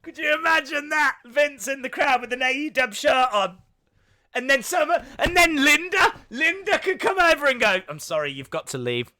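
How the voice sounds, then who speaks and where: A young British man chatting excitedly as he live-streams his reactions to a show. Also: very high voice, normal speed. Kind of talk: live watch-along commentary.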